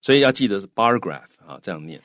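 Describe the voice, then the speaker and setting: Deep-voiced guy, mandarin native, talks fast teaching english writing. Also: expressive, a bit bright, no room sound. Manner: explains in Mandarin with English words. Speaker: co-host teacher. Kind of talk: bilingual radio English lesson.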